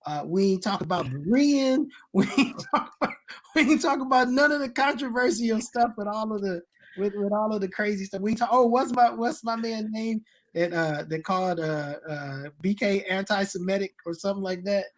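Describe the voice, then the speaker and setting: Joking, animated co-host on a video call. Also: mid-range voice, moderate pace. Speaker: co-host, ministry worker. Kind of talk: casual online talk show.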